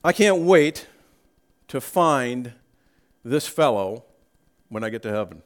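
A man preaching a sermon, talking slowly and deliberately and rising into emphatic bursts. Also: mid-range voice, expressive. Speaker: pastor.

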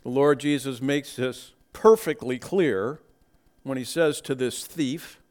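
A man preaching a sermon, talking slowly and deliberately and rising into emphatic bursts. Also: medium pitch, darkish tone. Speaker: pastor.

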